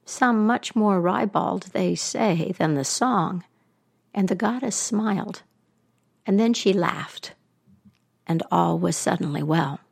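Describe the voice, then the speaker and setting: A woman storyteller retelling a myth aloud with an expressive, animated delivery. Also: on the low side, slow pace, creaky, slightly rough.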